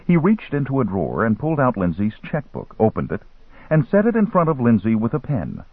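A man narrating a novel in a measured, dramatic storytelling manner. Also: mid-range voice, huge pitch swings, husky, no echo. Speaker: audiobook narrator. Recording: tinny phone-like line, dry.

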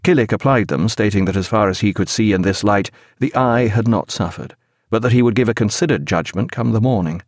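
A man reading a sea novel aloud in measured, even scripted narration. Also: on the low side, no room sound, clean studio sound. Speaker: audiobook narrator.

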